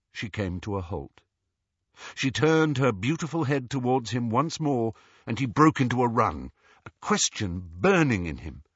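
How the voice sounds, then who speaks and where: A man reading a novel aloud as a narrator, telling it expressively and dropping to a hush in quiet passages. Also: mid-range voice, slightly rough, no echo, dull audio. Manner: expressive storytelling with hushed passages. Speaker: audiobook narrator. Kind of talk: scripted narration.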